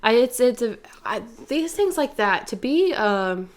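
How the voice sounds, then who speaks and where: A woman's voice: fairly high pitch, very animated, unhurried. A young woman co-hosting a podcast, talking things through casually in a thoughtful, hesitant way with many fillers. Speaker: podcast co-host. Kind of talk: casual chat.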